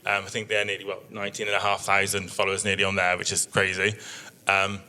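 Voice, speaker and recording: A man in his thirties gives a relaxed workshop talk, rambling through stories about his sheep with plenty of ums. His voice sits a little low but sounds bright and forceful. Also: quick pace. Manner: chatty storytelling with many fillers. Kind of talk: presentation with slides.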